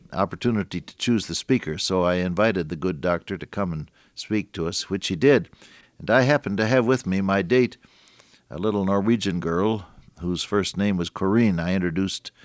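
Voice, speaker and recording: An older man giving a folksy, earnest radio sermon, reading scripture slowly and solemnly. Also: sits low, no echo, clean studio sound. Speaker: radio preacher.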